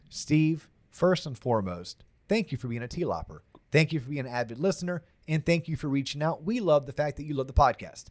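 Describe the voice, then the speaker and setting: A man's voice: on the high side, animated, fairly quick, hardly any pauses. A man hosting a podcast, chatting casually and plugging events in an upbeat way. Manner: chatty, upbeat promo delivery. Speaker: podcast host.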